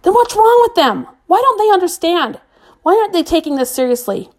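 A woman's voice: fairly high pitch, expressive, fairly quick, lightly acted. A woman voicing a fierce, passionate teenage girl who speaks intensely and indignantly. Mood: frustrated.

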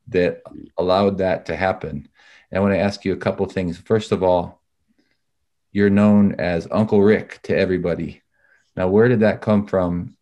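A man hosting a podcast, asking long, thoughtful questions in a measured way, with careful hedges and restarts. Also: deep voice, a little mellow. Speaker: podcast host, interviewer. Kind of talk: interview questions.

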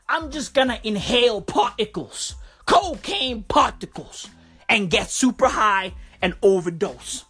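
A woman with a husky voice, doing a profane, slang-heavy comic rant. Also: sits high. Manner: profane, repetitive, animated slang. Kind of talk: comedic rant monologue.

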